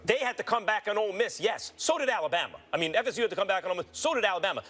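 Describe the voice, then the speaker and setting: A man co-hosting a heated studio sports debate, insistent and quick with numbers. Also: high-pitched, expressive, a bit bright. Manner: fast, insistent, stat-heavy argument.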